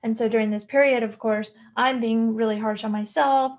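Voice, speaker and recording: A woman's voice: a little high, fairly even intonation, normal speed. A woman guest on a podcast, telling her personal story in an earnest, reflective and candid way. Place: podcast recording room.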